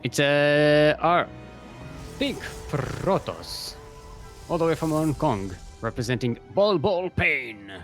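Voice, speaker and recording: A man's voice: on the high side, animated, slow, soft background music. A man casting a live video game match, joking and often restarting his sentences. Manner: rambling, jokey, frequent restarts. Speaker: esports caster.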